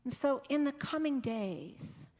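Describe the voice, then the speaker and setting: A woman's voice: sits high, expressive, slow, darkish tone. A woman pastor giving an earnest, conversational sermon, quoting the people she has met. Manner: earnest, conversational preaching with quoted voices. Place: large church. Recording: long church reverb.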